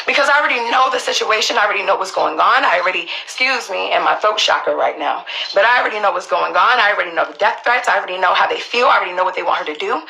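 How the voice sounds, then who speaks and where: A woman's voice: mid-range voice, gravelly, sharp tone, rough recording. A woman, telling her own story to viewers in an emphatic, profane way. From Queens, New York. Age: early 20s. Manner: emphatic, profane, restarts often.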